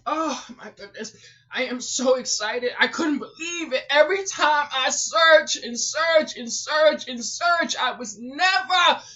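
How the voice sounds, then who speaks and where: Tearful high-voiced woman, lo-fi. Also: a little slow. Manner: repeats exclamations, swings between sobbing outbursts and hushed murmurs. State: tearful, crying. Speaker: small online shop owner. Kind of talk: emotional vlog confession. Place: at home. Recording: dull lo-fi recording.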